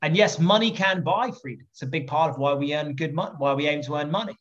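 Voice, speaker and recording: A man on a podcast telling stories in a lively, jokey manner, swearing and laughing easily. His voice is fairly high for a man. The recording sounds dull and a bit muffled. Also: quick pace. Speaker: podcast guest, entrepreneur. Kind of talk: animated anecdote telling.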